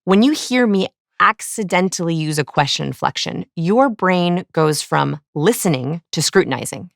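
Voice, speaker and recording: Low-voiced woman explaining eagerly. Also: normal speed, gravelly, no room sound, clean studio sound. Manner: animated, explanatory, acts out examples. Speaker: guest, body language expert. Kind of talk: interview explaining.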